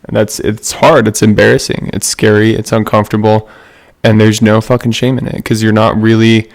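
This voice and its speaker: A young man with a low voice that has a gravelly, fry-edged texture. He speaks earnestly and reflectively in a casual podcast conversation. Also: level tone, moderate pace. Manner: short agreeing replies, then earnest. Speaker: podcast co-host.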